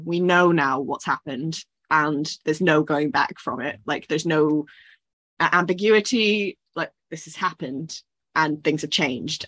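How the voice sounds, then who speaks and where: A woman co-hosting a podcast, talking things through in a reflective, thinking-aloud way. Her voice sits a little low. The recording is close and dry. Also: a bit bright, slightly rough, no room sound. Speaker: podcast co-host. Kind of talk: casual chat.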